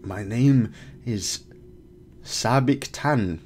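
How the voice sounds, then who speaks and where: A man reading the lines of a sad male cave creature who was once a wizard, in slow, halting speech. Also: mid-range voice, darkish tone, a little hiss or hum. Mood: mournful.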